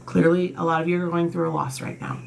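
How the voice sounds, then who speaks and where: Blunt woman tarot reader, gravelly and lowish, faint hiss behind. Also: huge pitch swings, fast. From Italian heritage. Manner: blunt, emphatic, swears freely. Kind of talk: casual tarot reading, reading card texts aloud.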